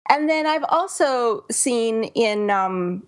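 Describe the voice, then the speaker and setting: A woman's voice: a little high, expressive, takes it slowly. A woman hosting a podcast, an author talking casually about her books, laughing easily and using many fillers. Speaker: podcast host and thriller author.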